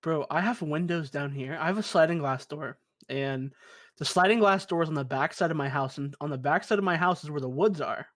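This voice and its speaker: A young man co-hosts a podcast from his basement room, chatting in a laid-back way, cursing freely and calling everyone "dude." His voice is slightly high, a little fast, and fairly bright, on a dry recording.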